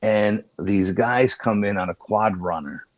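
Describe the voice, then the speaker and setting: A man's voice: on the low side, measured pace, no room sound. An older man, a paranormal investigator and guest, tells a rambling story in a casual way, with many restarts and "you know"s.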